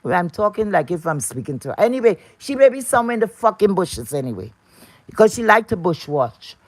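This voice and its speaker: A woman's voice: mid-range voice, very animated, a little fast, no echo. A woman talking to her viewers in a casual ranting livestream, blunt and profane, often repeating herself. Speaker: live streamer.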